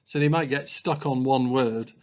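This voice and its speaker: A man giving a measured training talk on communication at a special school, pausing often with ums and uhs. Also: mid-range voice, lo-fi sound.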